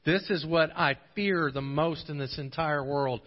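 Guy preaching in a big church, voice a bit high, long echo, kinda muffled recording, gets pleading and intense then chill and chatty. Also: a little slow, few pauses. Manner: passionate, swelling to pleading intensity in prayer passages; relaxed storytelling in anecdotes. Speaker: pastor. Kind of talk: sermon. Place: church sanctuary. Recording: dull audio with long hall reverb.

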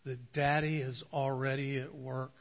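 A man's voice: mid-range voice, unhurried. Preaching man in an echoing sanctuary. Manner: passionate, swelling to pleading intensity in prayer passages; relaxed storytelling in anecdotes. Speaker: pastor. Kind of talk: sermon. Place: church sanctuary. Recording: dull audio with long hall reverb.

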